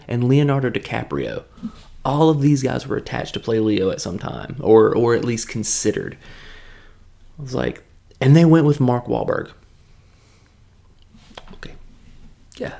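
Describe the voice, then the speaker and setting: A man's voice: on the low side, creaky, darkish tone. A man hosting a casual film review, talking in a rambling, joking way with many fillers.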